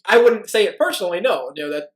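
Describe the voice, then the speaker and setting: A man co-hosting a sports podcast, talking casually and haltingly with lots of "you know" asides. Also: high-pitched, expressive, rough recording. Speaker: podcast co-host.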